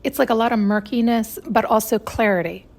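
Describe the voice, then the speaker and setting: A woman's voice: a little high, brisk. A woman hosting a podcast, talking in a rambling, emotional monologue full of fillers and restarts, choked up and close to tears. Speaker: podcast host. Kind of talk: casual spiritual monologue.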